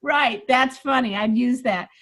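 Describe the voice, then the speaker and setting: A woman with a high voice runs a comedy coaching session. She talks energetically and emphatically, and now and then breaks into loud acted-out joke lines to show how they should land. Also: a little slow. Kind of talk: coaching session with feedback on jokes.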